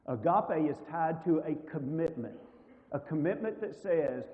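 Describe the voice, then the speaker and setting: Male Bible class teacher, higher mellow voice, chatty with rhetorical questions, long church-hall reverb. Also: expressive, a little slow. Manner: conversational, rhetorical questions to audience.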